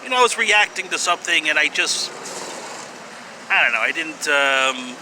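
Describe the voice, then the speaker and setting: A man with a somewhat high voice vlogs in a loose, meandering monologue, stopping often for fillers and sighs and letting out dry chuckles. He is recorded outside, and passing cars and urban noise are plainly heard behind him. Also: lively intonation, normal speed. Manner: rambling and hesitant, many fillers and sighs, wry laughs. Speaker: vlogger. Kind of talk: casual monologue to camera. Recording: outdoor street noise behind.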